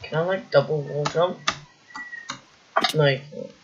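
A woman's voice: sits low, fairly even intonation, a little slow, muffled recording, noisy background. A woman giving casual let's play commentary, full of exasperated exclamations and self-mocking remarks. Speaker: gamer playing a parkour map.

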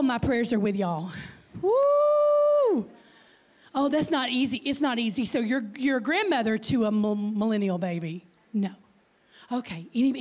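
A woman in her fifties with a Texan accent, giving a chatty guest talk in church, with a slight stutter and lots of questions to the crowd. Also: high-pitched. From Texas. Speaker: guest speaker.

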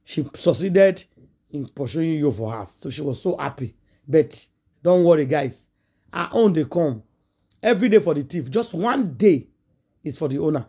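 Husky high-voiced Nigerian Pidgin man. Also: normal speed. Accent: Nigerian Pidgin English. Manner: excited storytelling with repetitions. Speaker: gossip channel host. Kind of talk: casual commentary.

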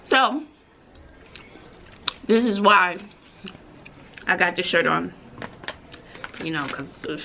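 A woman's voice: on the low side, slow pace, vocal fry, long pauses, slight background noise. A woman teacher with a Texas accent, vlogging casually from her classroom at lunch and telling stories with sudden squeals. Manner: chatty, animated storytelling with sudden squeals. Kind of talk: casual vlog chat.

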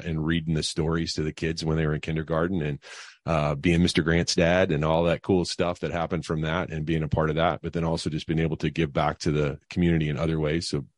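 A man's voice: a bass voice, no room sound, studio quality. A middle-aged man and financial advisor, talking casually as a podcast guest and telling stories with lots of fillers. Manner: rambling, filler-heavy, enthusiastic storyteller. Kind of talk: casual interview talk.

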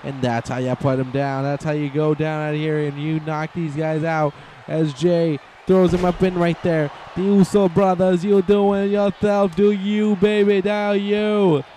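A man giving excitable, rambling play-by-play commentary over a wrestling video game, shouting on the big moves. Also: fairly high pitch, measured pace, slight background noise.

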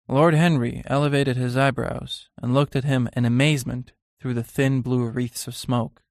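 A man narrating a classic novel as an audiobook, in an even, measured reading. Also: mid-range voice, no room sound, studio quality. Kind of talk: scripted narration.

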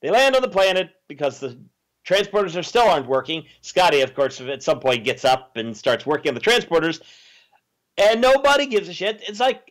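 A man hosts a casual movie review chat, sarcastic and scornful of the plot. His voice sits high for a man. He keeps mocking the characters as he goes. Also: very animated, fairly quick. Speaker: podcast host.

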